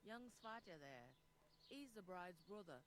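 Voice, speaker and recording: Bossy village innkeeper, plain talking, folksy. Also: female voice, fairly low pitch, big pitch swings, unhurried, slight background noise. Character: blunt rural woman innkeeper, bossy. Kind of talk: video game dialogue.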